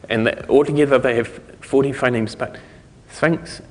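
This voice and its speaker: In a technical talk on speech recognition, a man with a New Zealand accent speaks at normal speed in a medium-pitched, steady tone. The delivery is loose and self-correcting with the odd chuckle. Long hall reverb colors the sound.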